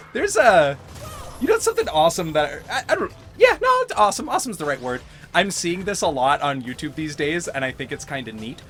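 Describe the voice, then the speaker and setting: Lively, bright-voiced man rambling through a game. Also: a little high, normal speed, faint music behind. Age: middle-aged. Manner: rambling storyteller, laughs often. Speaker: gaming host. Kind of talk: casual let's-play chat.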